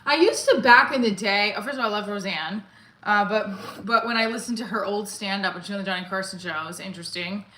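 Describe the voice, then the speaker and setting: A woman's voice: medium pitch, fast talker, sharp tone, roomy sound, low-quality recording. A woman comedian live-streaming while working out, out of breath and chatting casually with viewers as she reads their comments. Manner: chatty, answers viewers' comments, counts reps aloud.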